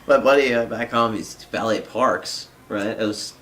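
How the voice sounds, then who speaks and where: A man's voice: fairly low pitch, normal speed, a bit bright, a little hiss or hum. A man hosting a podcast in casual chat, telling a story with mimicked voices and hearty laughs. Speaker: podcast host.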